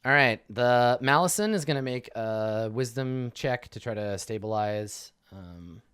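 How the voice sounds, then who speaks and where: Male game master, mid-pitched, loose and chatty narration full of ums and likes. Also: unhurried, smooth. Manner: casual, animated storytelling with many fillers.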